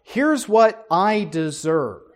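A male pastor delivering a sermon in a fairly high voice, at a slow, deliberate pace. He drives his points home with rhetorical questions and trips over quick restarts as he builds emphasis. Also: sing-song.

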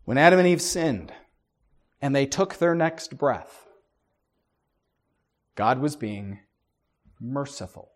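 A man's voice: medium pitch, animated, slow, pauses often. A man preaching a sermon, emphatic, with many rhetorical questions and stammering restarts. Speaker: pastor.

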